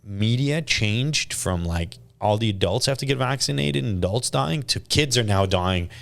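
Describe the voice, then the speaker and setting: A man's voice: lowish voice, moderate pace, vocal fry. A man in his thirties from Canada, a podcast guest telling stories in casual chat and acting out quotes. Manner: animated storytelling, acts out quotes.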